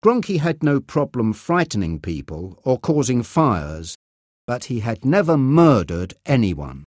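A man reading a story aloud in a clear, expressive audiobook style. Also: medium pitch, unhurried, dry recording, clean studio sound. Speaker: narrator.

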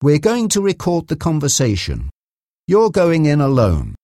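A man's voice: a little high, wildly swooping pitch, a little slow, warm tone, no room sound, studio quality, voice pushed up. A man reading an audiobook, voicing a decisive female lawyer who gives firm, clipped instructions.

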